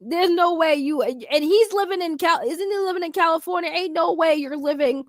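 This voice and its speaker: A woman doing casual YouTube commentary, animated and profane, laughing in disbelief. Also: very high-pitched, normal speed, no echo, studio quality.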